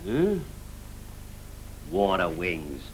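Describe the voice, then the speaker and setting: An earnest lawman asks his questions briskly. His voice is in a middle register, lifting and dropping lively, with a faint hiss behind it, in a 1930s film comedy. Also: low voice, heavily acted. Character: earnest lawman searching a ship.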